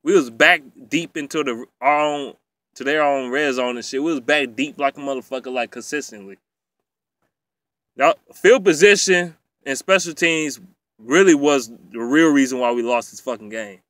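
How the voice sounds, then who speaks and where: A man's voice: mid-range voice, normal speed, a bit bright, no echo. A man in an angry, profane sports rant, talking heatedly and repeating himself. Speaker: sports fan ranting.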